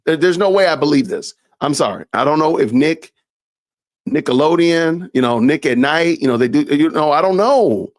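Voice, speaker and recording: A man's voice: on the high side, lively intonation, moderate pace, no room sound, clean studio sound. Laughing, incredulous man reacting. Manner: incredulous, laughing, folksy asides. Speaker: commentary streamer. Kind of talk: casual reaction commentary.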